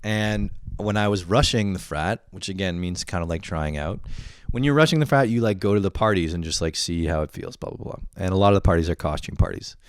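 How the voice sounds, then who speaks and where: Low-voiced young man ranting. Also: a little fast, clean tone, no room sound, clean studio sound. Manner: profane, animated, laughs often. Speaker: vlogger. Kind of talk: casual comedic rant.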